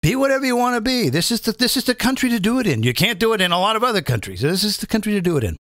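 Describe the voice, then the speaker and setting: Animated, high-pitched ranting comedian man. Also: racing, dry recording. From British American. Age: 50s. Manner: rambling, repeats phrases, stumbles and restarts. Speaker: comedian host. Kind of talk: live comedic political rant.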